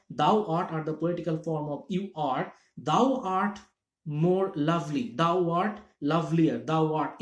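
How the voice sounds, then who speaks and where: A man's voice: fairly high pitch, darkish tone. A man teaching literature in a classroom-lecture style, explaining step by step and checking in with his listeners. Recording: echoey room.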